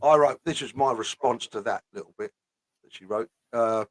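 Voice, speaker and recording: A man's voice: medium pitch, moderate pace, no room sound. A man hosting a live online chat, talking bluntly and swearing often as he rants and reads out posts. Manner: blunt, swears often, repeats "you know what I mean". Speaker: host. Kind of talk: casual chat, ranting.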